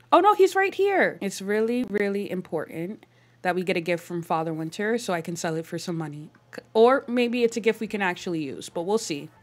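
A woman chatting her way through a life-simulation game, laughing easily and tossing off playful lines for her characters. Her voice sits in a medium range, and her delivery is casual and upbeat. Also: mid-range voice. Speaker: gaming YouTuber. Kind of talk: casual Let's Play commentary.

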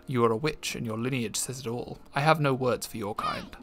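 A man's voice: mid-range voice, wildly swooping pitch, brisk, noisy background. A man voicing an ancient, lonely male mountain spirit who speaks in a lofty, formal, scornful way.

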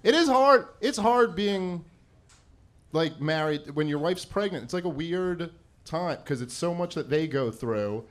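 A man in his thirties doing a rambling, self-deprecating stand-up comedy set on a live event stage. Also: a little high. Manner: rambling, self-deprecating, lots of fillers and acted-out quotes.

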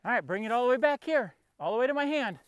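This man's voice is extremely high and expressive, quick-paced, clear and resonant, with no room sound. He's in a field training his puppy for a casual vlog, talking to and coaxing the dog while narrating each step between commands.

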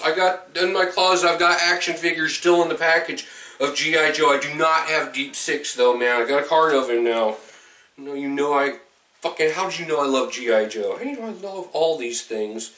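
A man opening a box of gifts on camera, excitable and swearing often, his voice jumping up when something thrills him. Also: fairly high pitch, roomy sound, distant mic. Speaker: vlogger opening a fan mail box. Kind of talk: excited unboxing vlog.

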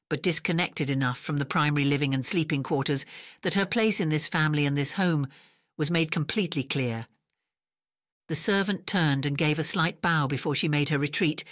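A woman narrating a romance audiobook in a measured, even storytelling manner, recorded close on a studio mic. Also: sits low, dry recording. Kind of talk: scripted narration.

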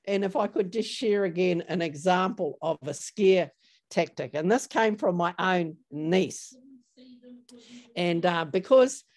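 A woman's voice: fairly low pitch, a little slow, darkish tone. A woman giving an online training talk over a video call, chatty and storytelling, with many fillers. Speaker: workshop presenter.

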